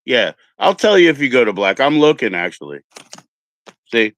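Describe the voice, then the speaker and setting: An easygoing man from California hosts a stream in a relaxed, rambling way, swearing now and then. His voice sits at an ordinary pitch and sounds dry, as if close to the mic. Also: moderate pace, no room sound. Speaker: streamer host. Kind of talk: casual chat.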